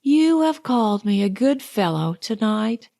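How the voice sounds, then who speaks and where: A woman voicing a proud, sharp-tongued young society woman in an audiobook, speaking slowly and with pointed distinctness. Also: a little high, animated. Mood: cool, chiding. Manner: crisp and pointed, slow distinct delivery.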